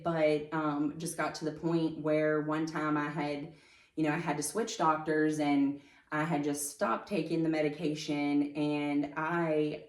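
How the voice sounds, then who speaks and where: Low-voiced woman, halting testimony. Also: echoey room, far from the mic. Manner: halting, with many fillers and restarts. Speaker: podcast guest. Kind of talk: personal testimony in conversation.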